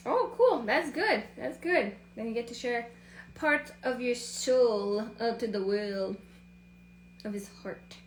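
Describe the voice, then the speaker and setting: High-voiced woman chatting in an echoey room. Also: takes it slowly, a little hiss or hum. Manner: rambling, often acts out her own inner thoughts. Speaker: live stream host. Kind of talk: casual live chat.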